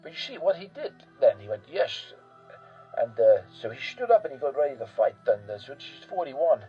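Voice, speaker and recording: A man's voice: medium pitch, breathy edge, highs cut off. A man telling history in a casual, profane, rambling way full of fillers and restarts. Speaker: history podcast host.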